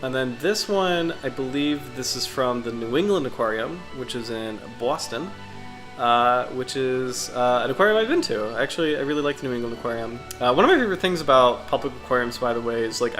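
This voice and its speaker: A congested, sniffly man with a medium-pitched voice hosts a casual livestream, captured on a rough recording. He rambles enthusiastically, full of fillers and restarts.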